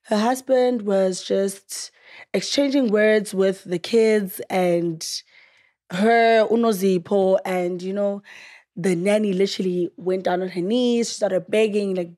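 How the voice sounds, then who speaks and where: A young woman with a South African accent, hosting a podcast in casual chat and retelling a story with lively quoted lines. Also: mid-range voice, slow pace. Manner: animated storytelling, acting out quotes. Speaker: podcast host.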